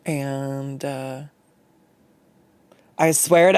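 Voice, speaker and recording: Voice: medium pitch, measured pace, no echo. Rambly, swearing VTuber artist, dry sound. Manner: rambling, loose, swears freely when annoyed; self-deprecating, laughs often. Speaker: VTuber art streamer. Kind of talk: casual chat while drawing on stream.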